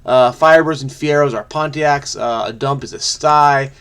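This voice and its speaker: A man's voice: mid-range voice, moderate pace, fairly bright tone, clear, resonant tone. A man, solving a crossword and thinking aloud in a frenetic, chatty way, muttering guesses and correcting himself. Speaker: crossword solver host.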